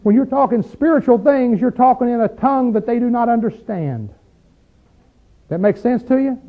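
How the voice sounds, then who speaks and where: This Bible study leader has a very high-pitched voice with lively intonation and a normal pace. He questions the group as he teaches emphatically, rising when he stresses something, and the clip has a tinny, phone-like sound.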